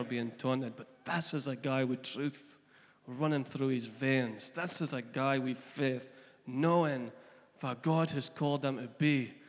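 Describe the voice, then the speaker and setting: A man with a Scottish accent preaching a sermon, retelling scripture in plain everyday speech. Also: mid-range voice. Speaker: pastor. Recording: long echo of a large hall.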